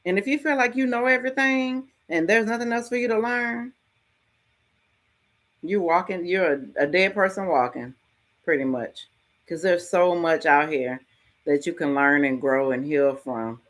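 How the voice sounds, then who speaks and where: A middle-aged woman hosting a podcast, giving a frank, casual motivational talk and telling stories with lively ups and downs and some mild swearing. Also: on the low side, moderate pace. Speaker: podcast host.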